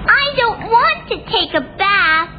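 A woman's voice: very high-pitched, very animated, heavily acted. A woman voicing a cheerful, curious little boy in a cartoon, eager and giggly. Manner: eager, giggly, slow childlike speech. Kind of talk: cartoon voice acting. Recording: tinny lo-fi audio with loud music.

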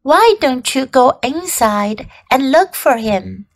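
A woman's voice: sits high, very animated, slow pace, creaky, no room sound, exaggerated voice. A woman reading a storybook aloud, voicing a breezy, teasing girl customer.

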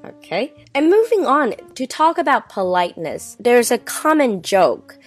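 Co-hosting an educational chat, a native Mandarin Chinese speaker explains things bilingually, curious and asking questions. She speaks unhurriedly in a fairly high, sing-song voice, with faint music in the background.

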